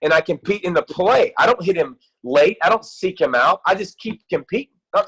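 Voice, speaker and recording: A man in his thirties, a youth football coach, talking in an excited, rambling way with many restarts in a casual interview. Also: high-pitched, a little fast, breathy edge, low-quality recording.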